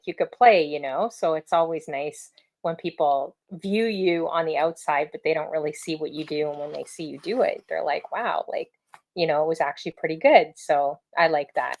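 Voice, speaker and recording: A woman hosts a casual conversation, her voice sitting low and steady. She rambles and restarts, trailing through fillers as she works her way toward each question. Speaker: interviewer and show host.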